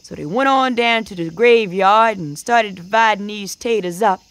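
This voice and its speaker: A woman's voice: medium pitch, normal speed, dry recording. Woman storyteller, folksy dialect, oral folk tale delivery. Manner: sing-song character voices, folksy dialect.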